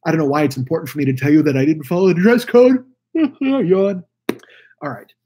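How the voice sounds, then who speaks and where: Husky-voiced man ranting profanely. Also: fairly high pitch, expressive, very fast, mellow. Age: 40s. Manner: profane, rambling rant with restarts. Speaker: podcast host. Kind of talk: solo podcast monologue. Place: Los Angeles.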